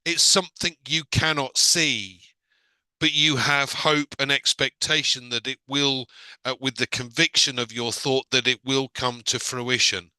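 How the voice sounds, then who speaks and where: A man giving a sincere, measured personal testimony on an online group call. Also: medium pitch, steady tone, pushed and bright, clear, resonant tone, no echo, low-quality recording.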